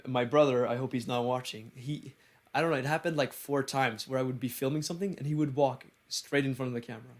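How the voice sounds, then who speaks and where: A man's voice: medium pitch, fairly even intonation, quick pace. Chatty storytelling podcast co-host, a man. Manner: storytelling, laughing, loose and chatty. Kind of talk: casual chat on a live-streamed podcast.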